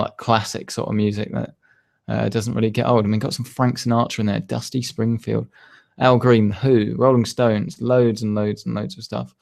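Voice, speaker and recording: A young man answers viewer questions on a live stream. His voice sits low with a rough, gravelly fry. He talks loosely, full of fillers, restarts and trailing asides. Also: a little mellow. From United Kingdom. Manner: casual, rambling with many fillers and restarts. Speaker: tech channel host.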